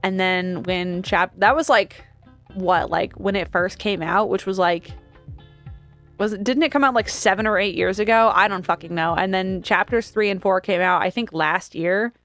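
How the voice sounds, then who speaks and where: A woman streamer talking casually to her viewers, rambling from one thought to the next. She laughs often and trails off mid-sentence. Soft music plays faintly behind her. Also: medium pitch, normal speed.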